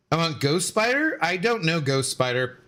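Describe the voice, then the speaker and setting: A man's voice: on the high side, sing-song, a little slow, bright, forceful tone. A man in his forties streaming a game and rambling through stories in casual chat, loose with fillers and swearing.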